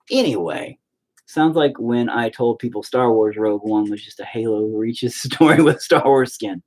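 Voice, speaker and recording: A man's voice: medium pitch, sing-song, slow pace, darkish tone, slightly rough. A man streaming live as he paints, chatting casually in a profane, exasperated rant. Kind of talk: casual livestream chat.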